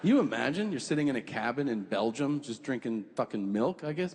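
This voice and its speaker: Animated profane comedian in his forties. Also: medium pitch, long reverb tail, noisy background. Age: 40s. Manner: animated, profane storytelling with quick put-on voices. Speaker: stand-up comedian. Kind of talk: stand-up comedy set.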